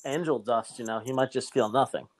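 A man's voice: mid-range voice, fairly quick. A man in casual chat, cutting in with dry, teasing questions and quips.

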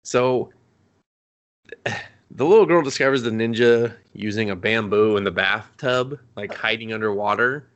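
Guy on a podcast telling the plot, lots of swearing, kinda low voice. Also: a little slow, muffled recording. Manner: swears a lot, rambling and animated. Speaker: podcast co-host. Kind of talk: casual recap chat.

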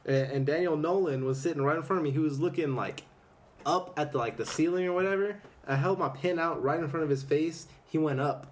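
A man's voice: on the high side, a little fast. A young man co-hosting a casual chat, telling stories animatedly with plenty of swearing. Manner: animated, profane storytelling.

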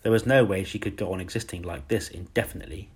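A man narrating a children's storybook in a measured, calm way. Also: low voice, husky. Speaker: audiobook narrator.

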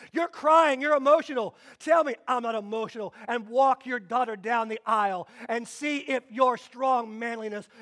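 A man's voice: extremely high pitch, a bit bright. A male pastor preaching a sermon with energy and humor, repeating phrases for emphasis.

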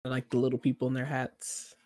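Speaking quickly in a mid-range voice, this co-host tells lively stories in a casual chat and mimics other people with squealing impressions. The recording is studio quality with no echo.

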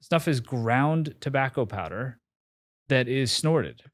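A man in his forties tells a story as a podcast guest, candid and self-mocking, with casual swearing and plenty of fillers. His voice sits at an ordinary middle pitch. The sound is dry and close, with no room around it. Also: animated, takes it slowly, no room sound. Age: 40s. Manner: candid, swears freely, laughs at himself, many fillers and restarts. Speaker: interview guest.

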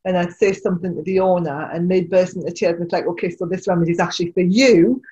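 A woman's voice: lowish voice, fairly even intonation, fast, warm tone, breathy edge, muffled recording. A woman kinesiologist chatting with a colleague about working with dogs and their owners. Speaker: kinesiologist, host. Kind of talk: casual conversation.

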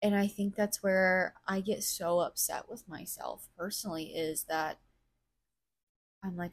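A woman's voice: on the low side, steady tone, measured pace. A woman hosting a podcast, speaking in a candid solo monologue, blunt and profane, openly reflecting on her own feelings as she talks. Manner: blunt, profane, emotionally raw; self-reflective, thinking aloud. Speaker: podcast host.

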